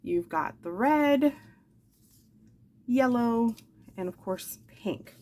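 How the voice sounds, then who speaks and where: This craft channel host, a woman in her forties, has a mid-range voice with a darkish tone. She talks warmly and casually in a show-and-tell style, presenting craft supplies and wandering off on tangents.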